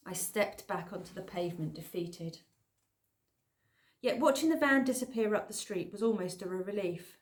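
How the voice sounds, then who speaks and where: A woman narrating an audiobook in an expressive, lively storytelling manner. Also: on the low side, moderate pace. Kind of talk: scripted narration.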